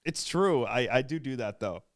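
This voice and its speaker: A man's voice: mid-range voice, animated, moderate pace. A young man co-hosting a podcast, chatting casually in a laid-back way with short interjections and dry quips. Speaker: podcast co-host. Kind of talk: casual chat.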